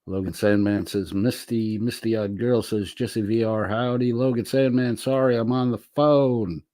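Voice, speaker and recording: A man's voice: on the low side, steady tone, unhurried, dark tone, no room sound, clean studio sound. A man hosting a livestream, reading viewer comments aloud with profane, wisecracking asides. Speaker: livestream host reading chat.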